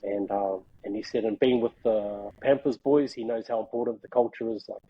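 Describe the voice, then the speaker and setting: A man's voice: lowish voice, steady tone, normal speed, highs cut off, slight background noise. A man telling a story in casual chat, laughing often and saying "bro" a lot. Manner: laughing, slangy, peppers speech with "bro". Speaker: guest.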